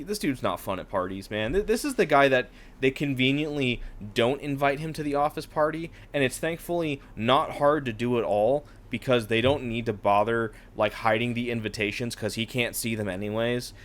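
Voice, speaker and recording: A man's voice: mid-range voice, moderate pace, hardly any pauses, a bit bright. A man co-hosting a casual book podcast, talking in an irreverent, mocking way and breaking into silly voices. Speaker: podcast co-host.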